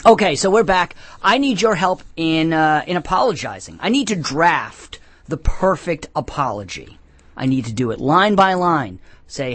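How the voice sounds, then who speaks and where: A man's voice: a little high, sing-song, moderate pace, a bit bright, no room sound. A man hosting a comedy podcast, rambling with sarcastic, jokey asides. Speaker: podcast host. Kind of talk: comedic casual talk.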